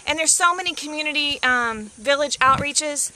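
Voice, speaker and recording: A woman's voice: high voice, normal speed, pushed and bright, slight background noise. A woman leading a walking tour of an outdoor hillside site, enthusiastic and inviting, out of breath from the incline. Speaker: mission project leader giving a site tour.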